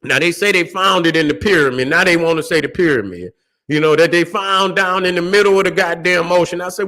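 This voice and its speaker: A man's voice: sits high, fairly quick, bright, forceful tone. A man hosting his own channel, giving a profane, casual, preachy rant with fiery repetition. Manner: fiery, preachy, swears freely, repeats words. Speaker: channel host.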